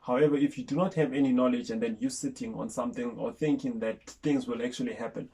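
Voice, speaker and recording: Mellow husky man sharing experiences. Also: medium pitch, steady tone, fast talker. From South Africa. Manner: earnest, shares own experiences. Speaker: co-host. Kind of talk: casual property advice chat.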